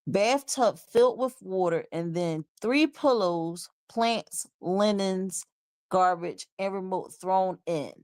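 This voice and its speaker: A woman hosting a talk show, reading an account aloud and reacting with animated, incredulous asides. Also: medium pitch, slow, no echo. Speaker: show host. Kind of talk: reading a story aloud and reacting, casual commentary.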